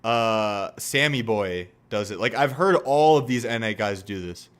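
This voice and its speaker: A man's voice: on the low side, a little slow, a bit bright, clear, resonant tone. A man chatting casually on a livestream, joking and reacting to clips. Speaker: streamer.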